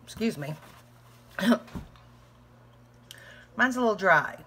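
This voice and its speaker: A woman's voice: medium pitch, lively intonation, takes it slowly, sharp tone, slight background noise. A young woman chatting casually while cooking in her home kitchen, rambling and laughing as she goes.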